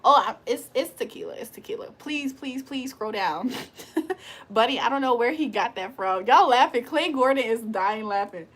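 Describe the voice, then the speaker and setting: A woman's voice: a little high, expressive, normal speed, fairly bright tone, breathy edge. A woman hosting a casual livestream, reading chat aloud, playful and profane, laughing often and teasing viewers in a mock-preacher tone. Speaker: livestream host.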